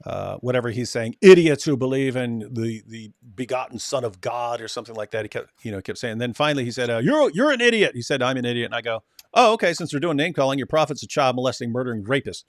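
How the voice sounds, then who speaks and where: A man's voice: medium pitch, fast, few pauses, dry recording, clean studio sound. A man co-hosting a casual reaction chat, telling stories and acting out the lines of others. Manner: storytelling, acts out quoted dialogue. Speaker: co-host.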